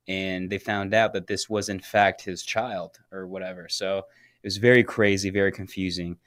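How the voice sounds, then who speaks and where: Deep-voiced man telling a crude story. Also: dry recording, studio quality. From Florida. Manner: crude storytelling, animated when quoting. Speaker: podcast co-host. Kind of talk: casual chat.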